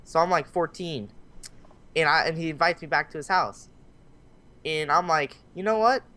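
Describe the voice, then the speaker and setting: Pitched on the high side and moving at a moderate pace, a young man tells a story casually on a podcast. He brings it to life by voicing the characters, with plenty of free swearing.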